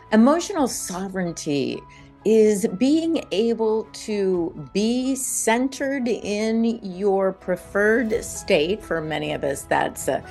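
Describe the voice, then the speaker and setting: Gravelly-voiced woman hosting a calm podcast. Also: mid-range voice. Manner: gentle, reflective storytelling. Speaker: podcast host. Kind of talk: spiritual self-help podcast talk.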